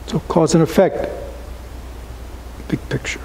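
A man giving a relaxed, conversational dharma talk to a small group as a Buddhist teacher, often asking rhetorical questions and adding "right?". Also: mid-range voice, a little fast, gravelly, a little hiss or hum, rough recording.

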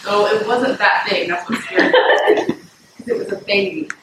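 A woman taking part in a seminar, answering in giggly, halting bits and laughing often. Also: medium pitch, big pitch swings, a bit bright, reverberant, slight background noise, poor audio. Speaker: audience participant.

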